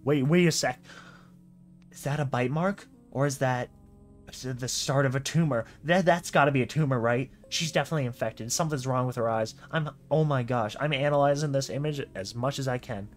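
A reader casually reacting to and reading out a slideshow comic, full of excited exclamations. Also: medium pitch, a little fast, faint music behind.

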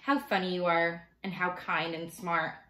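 Lady reading a gentle mom, calm and coaxing, lowish voice, roomy echo. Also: a little slow. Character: gentle, coaxing mother, adult woman.

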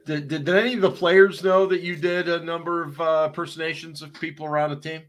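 A man's voice: a little high, flat delivery, fast talker. A man hosting a casual podcast, prompting his co-hosts with short replies and questions. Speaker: podcast host. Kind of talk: casual chat.

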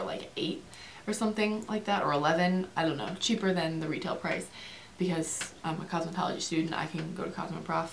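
A young woman chatting casually to her camera as a beauty vlogger, rambling and fast, with lots of fillers. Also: fairly low pitch, a little hiss or hum. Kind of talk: casual chit-chat.

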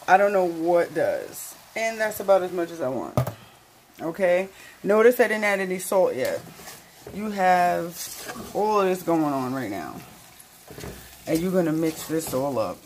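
A woman's voice: fairly low pitch, slight background noise, low-quality recording. A woman hosting her own cooking channel, with a playful, sassy manner, talking straight to viewers as she cooks in her home kitchen. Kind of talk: casual cooking demo.

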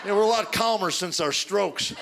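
High-voiced middle-aged comedian, deadpan on stage. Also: male voice, normal speed, gravelly. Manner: deadpan storytelling, acts out his kids' voices. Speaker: stand-up comedian. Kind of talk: stand-up comedy routine. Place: stage before a live audience. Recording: live show with audience noise.

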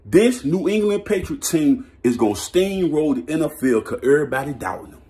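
A man ranting as a vlogger, excitable and boastful, with lots of street slang and frequent laughter. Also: fairly high pitch, brisk. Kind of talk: sports hot-take rant.

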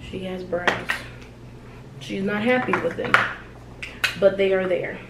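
A woman's voice: medium pitch, measured pace. A young adult woman co-hosting a casual, playful chat about a makeup challenge, recorded from a distance in an echoey room. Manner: chatty, playful, says y'all. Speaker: co-host. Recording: echoey room, mic far off, noisy.

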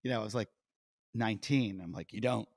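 Animated male podcast host, dry close mic. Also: lowish voice, a little fast, no room sound. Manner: animated storyteller, acts out quotes loudly. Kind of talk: casual interview chat.

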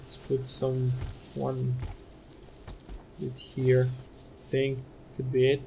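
A man's voice: mid-range voice, monotone, very slow, creaky, dark tone, a little hiss or hum. A man giving gameplay commentary as a let's play host, muttering to himself, exasperated and swearing at his desk microphone.

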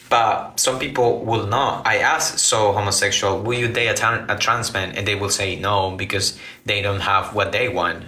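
A man with a fairly low voice, pushed and bright, chats casually with viewers on a livestream. He rambles and restarts phrases as he reacts to their comments. The room is echoey.

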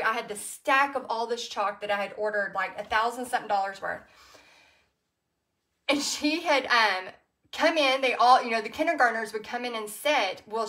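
A woman with a Texan accent, an art teacher hosting a livestream, telling a story chattily and reading viewer comments. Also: on the high side. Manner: chatty, animated storytelling with frequent fillers.

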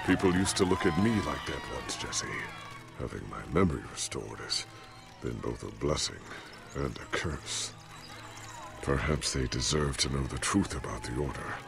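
An actor voicing a noble, remorseful older warrior in a video game, speaking in a solemn, earnest way. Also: male voice, extremely low pitch, animated, moderate pace, gravelly, exaggerated voice. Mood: solemn, regretful.

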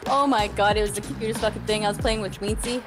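A woman's voice: mid-range voice, fast talker, over music, rough recording. A woman in a casual voice chat with friends while playing an online game, swearing and laughing a lot. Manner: profane, excitable, laughs a lot.

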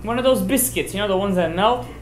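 A rabbi giving a Torah class tells stories in an informal sermon, emphatic and animated, sprinkling in Hebrew and Yiddish terms. His voice sits high and moves fast, and the room is roomy and echoey.

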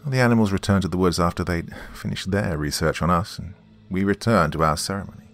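A man narrating a horror story in a measured, dramatic way, with a gravelly voice. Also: low voice, faint music behind.

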